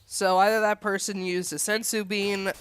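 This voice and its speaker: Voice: medium pitch, flat delivery, moderate pace, a bit bright, slight background noise. A streamer giving joking, chatty live gameplay commentary and talking to the chat.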